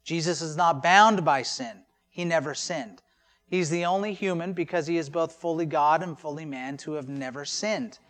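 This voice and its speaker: In a slightly high, fairly bright voice at normal speed, a male pastor talks through his sermon casually, posing rhetorical questions and slipping in humorous remarks.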